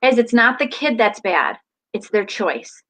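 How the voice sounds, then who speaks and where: A woman hosting a live parenting advice talk, animated and emphatic as she speaks straight to viewers. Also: on the high side, measured pace, rough recording. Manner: animated, emphatic, acts out family dialogue.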